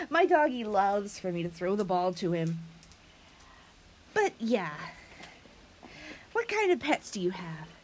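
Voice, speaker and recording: A woman hosting a children's sing-along lesson, speaking in an animated, sing-song way to young listeners and her dog. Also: mid-range voice, a little hiss or hum. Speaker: children's show host.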